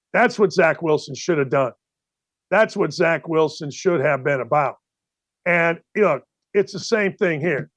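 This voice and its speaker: A middle-aged man hosting a sports talk show, ranting in a blunt, exasperated way. His voice sits high for a man and cuts through sharply. The studio sound is close and dry, with no room echo. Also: unhurried, a bit bright. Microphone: studio mic facing camera.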